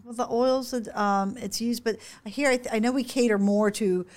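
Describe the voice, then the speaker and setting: Halting woman in casual chat. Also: fairly high pitch, darkish tone. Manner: halting, many restarts. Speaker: guest from the international department.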